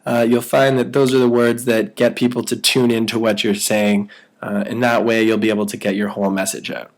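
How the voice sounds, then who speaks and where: A man's voice: on the low side, level tone, brisk. A man leading a telemarketing training, walking through a sample call script and acting out the caller's lines in an upbeat, persuasive sales patter. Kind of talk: training walkthrough with role-played sales calls.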